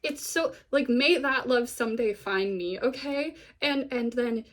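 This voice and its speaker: A woman's voice: fairly high pitch, unhurried. A woman vlogger giving a casual, gossipy recap of a TV series, full of fillers and wry asides.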